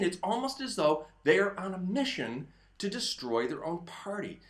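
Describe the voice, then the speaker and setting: A man hosting a political commentary monologue, talking emphatically and sometimes breaking into shouts. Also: high-pitched, big pitch swings, moderate pace. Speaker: host. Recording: roomy echo.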